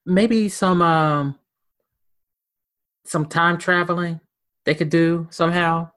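A man co-hosting a casual fan podcast, relaxed and hesitant, with frequent fillers. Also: on the high side, slow pace. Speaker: podcast co-host.

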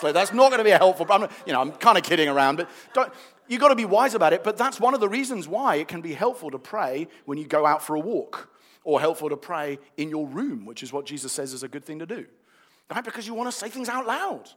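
A man preaching a sermon, his voice sitting fairly high and swinging widely in pitch. He talks in an animated way, building up to emphatic declarations. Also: fast.

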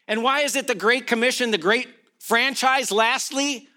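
A man's voice: very high-pitched, moderate pace, few pauses, sharp tone. A middle-aged man preaching a sermon as pastor. He speaks emphatically, asking rhetorical questions and repeating key phrases.

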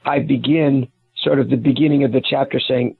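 Guest: gravelly, husky man, earnest and long-winded, tinny phone line. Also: mid-range voice, fairly even intonation, a little fast, no room sound. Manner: earnest, explains at length with restarts. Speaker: author and private investigator guest. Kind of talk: casual interview talk. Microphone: phone call.

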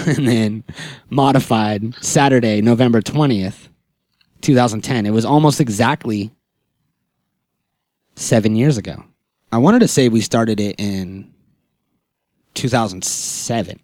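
A man in his thirties hosts a podcast in a relaxed, joking way, laughing often. His voice sits at a middle pitch. The sound is dry and close to the mic. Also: measured pace, pauses often, no echo. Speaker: podcast host. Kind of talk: casual podcast chat.

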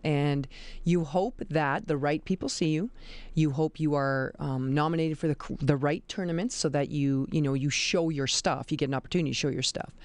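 A woman is a guest in a radio studio, telling stories in a lively, animated way and acting out the voices of the people she quotes. Her voice is smooth and clear at a middle pitch, and the sound is dry and close. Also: dry recording. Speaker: basketball official and teacher. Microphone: studio microphone.

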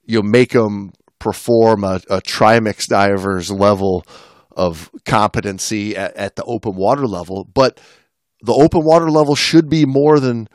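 A man's voice: lowish voice, unhurried, a little mellow, no echo, studio quality. A man hosting a podcast, talking in a casual, conversational way. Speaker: podcast host. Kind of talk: casual chat.

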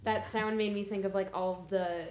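A woman's voice: medium pitch, steady tone, normal speed, darkish tone. A woman co-hosting a podcast in casual chat, dropping dry, wry quips. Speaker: podcast co-host. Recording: echoey room, faint background noise.

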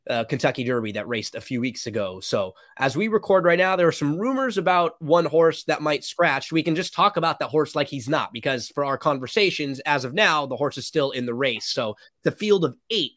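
A man's voice: a little high, lively intonation, fairly quick, hardly any pauses, a bit bright. A man appearing as a podcast guest, chatting easily and informatively about horse racing. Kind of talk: casual podcast conversation.

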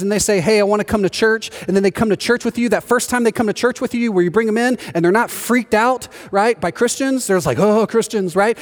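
A man preaching a sermon as pastor, telling stories with animated delivery and acting out the voices of the people in them. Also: sits high. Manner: animated storytelling, acts out quoted voices. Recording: long hall reverb.

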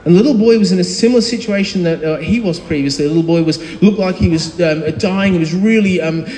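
A man in his thirties preaches a casual, conversational sermon, stopping often with ums and restarts. His voice sits high for a man. The sound carries long reverb from a large, echoey hall. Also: fast talker, a little mellow. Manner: conversational, with frequent fillers and restarts. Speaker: pastor. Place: church hall.

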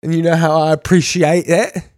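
A man's voice: fairly high pitch, little pitch movement, normal speed, a little mellow, dry recording, clean studio sound. A man hosting a podcast, doing casual, profane commentary in a mocking, crude tone with heavy swearing. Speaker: podcast host. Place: studio in a large city.

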